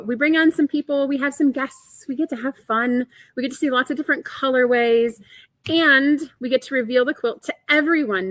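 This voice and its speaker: An upbeat woman hosts a live stream, chatting easily and reacting to viewer comments. Her voice sits a little high, and the sound is dry and close with no room around it. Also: fairly bright tone, dry recording. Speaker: quilt shop host. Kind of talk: live-stream product talk.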